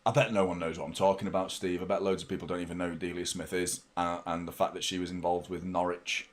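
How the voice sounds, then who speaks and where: A man's voice: sits low, little pitch movement, fast talker. A man hosting a live football watchalong, mixing blunt, sweary fan chatter with play-by-play. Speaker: fan channel host. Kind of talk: live match watchalong commentary.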